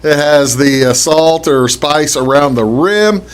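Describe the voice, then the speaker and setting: A man hosting a casual talk show, chatting in a halting way with many fillers and restarts. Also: on the high side. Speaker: host. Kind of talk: casual radio-style talk show chat.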